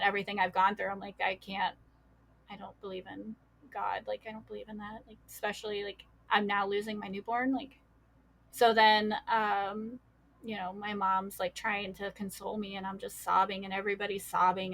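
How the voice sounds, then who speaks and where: Woman on a podcast telling her story, lots of likes and you knows, mid pitch. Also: fairly bright tone. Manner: casual, many fillers, emotional recounting. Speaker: guest. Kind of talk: personal storytelling.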